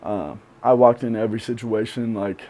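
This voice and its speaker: A young man appears as a guest on a podcast, talking candidly and reflectively with many pauses and fillers. His voice is medium in pitch, mellow, with fairly even intonation.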